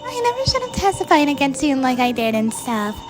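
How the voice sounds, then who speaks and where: A remorseful teenage girl voiced by a woman, high-pitched and hesitant. She halts and apologizes as she speaks. Music runs in the background. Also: very animated, fairly quick. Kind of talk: fan voice dub.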